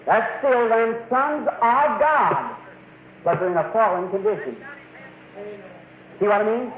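A man's voice: sits high, very animated, unhurried. A man preaching a sermon in a church, folksy and emphatic, often stopping to ask "See?". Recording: tinny echoey old sermon tape.

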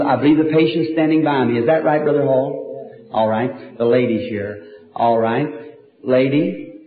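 A man leading a healing service as an evangelist, speaking gently and earnestly to each person before him. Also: medium pitch. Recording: tinny lo-fi archival recording.

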